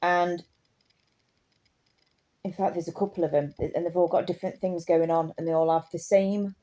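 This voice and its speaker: A woman's voice: on the low side, fairly even intonation, moderate pace, warm tone. A woman telling a story in a casual, impassioned way, indignant and rambling with restarts.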